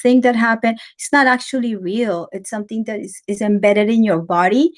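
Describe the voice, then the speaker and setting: A woman guest in an interview, talking gently and animatedly with many fillers as she explains ideas. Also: a little high, brisk. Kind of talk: casual interview talk.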